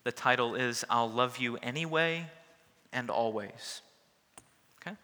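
A male pastor reading a children's story aloud to end his sermon, with a bright, forward tone. He addresses the kids in a warm, animated way. The voice trails into a long reverb from a large church sanctuary. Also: mid-range voice, measured pace.

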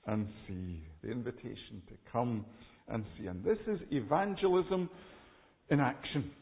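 Man, emphatic sermon preaching, fairly high voice, tinny phone-like sound. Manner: earnest, emphatic expository preaching with frequent restarts. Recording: tinny phone-like recording with long reverb.

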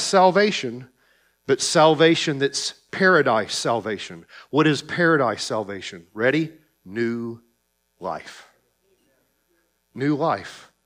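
Preaching to his congregation, this pastor talks straight at them, animated and occasionally sarcastic. His delivery moves from hushed, low passages to loud, forceful emphasis.

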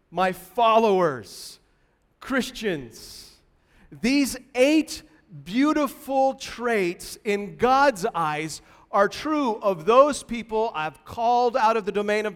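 Male pastor, sermon delivery: high voice, deliberate emphatic stresses, reverberant hall. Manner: emphatic, slow and deliberate, building to loud stresses.

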